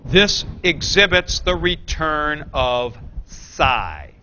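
A man with a high, bright voice gives a slow, unhurried classroom lecture on grammar, stopping to fix his own slips. The sound is dull and lo-fi, with a faint hiss underneath. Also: very animated. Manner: thinks aloud, corrects himself mid-explanation. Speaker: Greek teacher.

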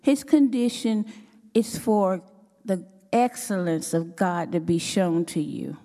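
A woman sharing a testimony at church, telling her story with animated, expressive delivery. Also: slow. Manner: expressive, acts out her own quotes with sudden pitch jumps. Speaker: church speaker giving a testimony. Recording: long hall reverb.

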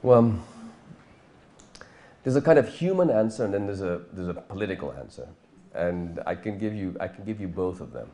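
A man's voice: sits low, animated, normal speed, mellow. A man from Pakistan, an author giving a talk to an audience and taking questions, who explains thoughtfully at length with many restarts.

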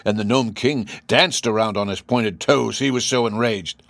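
A man narrating a classic children's fantasy book in a steady, even reading voice. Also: fairly low pitch, normal speed, gravelly, no echo, clean studio sound. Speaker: audiobook narrator. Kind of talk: scripted storybook narration.

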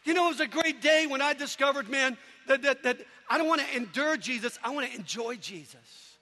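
A man giving an energetic sermon testimony to a crowd, animated and often shouting. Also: very high-pitched, fairly quick. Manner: animated, shouting, mimicking people. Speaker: preacher. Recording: long hall reverb.

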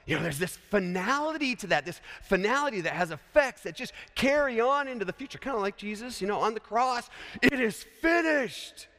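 Animated preacher with a lively high voice. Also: male voice, brisk, hardly any pauses. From Colorado. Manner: animated and conversational, joking asides. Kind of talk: sermon. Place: chapel. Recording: echoey hall.

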